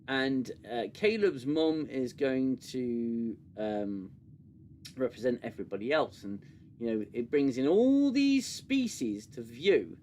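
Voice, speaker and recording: A man's voice: medium pitch, expressive, slow, a little mellow, a little hiss or hum. A man hosting a casual review chat, sarcastic and exasperated, often restarting his sentences. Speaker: podcast host.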